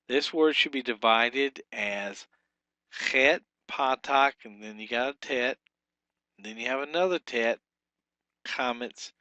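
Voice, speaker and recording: Guy lecturing, bright clear voice, dry close sound, stops to repeat words slowly. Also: medium pitch, dry recording, muffled recording. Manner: explanatory, repeats words slowly, frequent fillers. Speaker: Hebrew teacher. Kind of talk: recorded classroom lecture.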